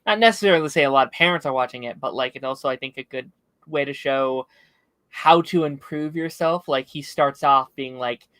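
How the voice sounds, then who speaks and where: A man's voice: on the high side, pushed and bright, no room sound. A man co-hosting a podcast, talking thoughtfully and earnestly with lots of filler words. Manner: thoughtful, earnest, many likes. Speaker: podcast co-host. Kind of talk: casual chat.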